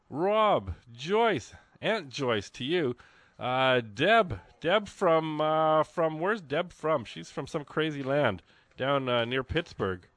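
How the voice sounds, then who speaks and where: Excitable man hosting a radio fundraiser. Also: on the high side, no echo. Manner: excitable, rambling, jokey. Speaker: radio host. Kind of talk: live radio fundraiser chat. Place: radio studio. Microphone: studio microphone.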